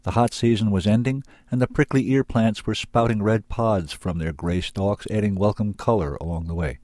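A man reading a story aloud in an even, measured way, voicing the characters along the way. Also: on the low side, no echo, clean studio sound. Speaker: reader of submitted manuscripts. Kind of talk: storybook narration.

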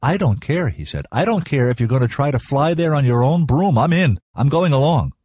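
A man's voice: medium pitch, expressive, brisk, darkish tone, husky, no echo, clean studio sound. A man voicing a confident, forthright teenage boy in an audiobook.

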